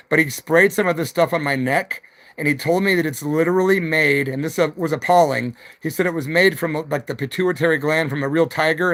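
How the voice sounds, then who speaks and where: A middle-aged man who plays in a rock band spins loose, rambling stories for his live-stream viewers. His voice sits a little high for a man, and he drops slang and the occasional whooping hoot as he talks. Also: fairly bright tone. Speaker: rock musician hosting a live chat. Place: at home, evening live stream.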